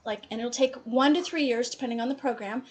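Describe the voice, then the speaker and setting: Upbeat Appalachian woman advisor, chatty and encouraging, voice sits a bit high. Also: fast talker. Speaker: college advisor. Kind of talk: presentation.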